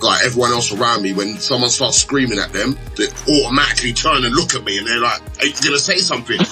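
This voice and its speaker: A young man chatting casually, telling animated stories and acting out arguments in raised voices. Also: mid-range voice, quick pace, music in the background, low-quality recording. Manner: animated storyteller, acts out quarrels in raised voices. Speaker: betting shop assistant manager. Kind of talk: casual chat.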